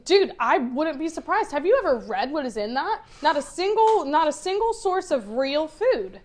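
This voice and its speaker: A woman's voice: sits high, very animated, moderate pace, darkish tone. A woman co-hosting a casual podcast chat, ranting in a fired-up way and swearing a lot. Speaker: podcast co-host.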